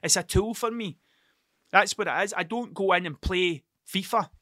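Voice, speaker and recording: A man's voice: sits high, moderate pace, bright, forceful tone, no echo, studio quality. A man hosting a podcast, telling rambling stories in casual chat, swearing constantly and restarting his sentences as he digresses. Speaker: podcast host.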